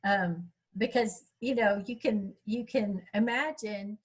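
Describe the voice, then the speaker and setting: A woman's voice: medium pitch, slow, breathy edge, low-quality recording. A middle-aged woman, chatting in a rambling way about her audiobook at a writers' workshop over a video call. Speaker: author speaking at a writers' workshop. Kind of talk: casual chat.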